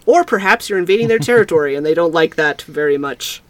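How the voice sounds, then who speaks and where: A woman's voice: on the low side, lively intonation, quick pace, no room sound. A woman co-hosting a casual podcast, chatting playfully with frequent giggles. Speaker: podcast co-host. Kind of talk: casual chat.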